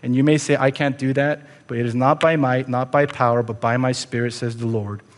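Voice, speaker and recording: A man's voice: mid-range voice, little pitch movement, fairly quick. A man preaching a sermon as pastor, earnest and conversational, asking his listeners pointed rhetorical questions. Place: church sanctuary. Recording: long church reverb.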